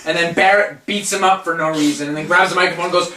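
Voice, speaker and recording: A young man ranting through a wrestling recap in a sarcastic, foul-mouthed, mocking way. His voice is bright and a little high. He sounds off-mic in an echoey room. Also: fairly even intonation, fast talker, far from the mic. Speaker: wrestling review co-host. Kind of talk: casual review chat.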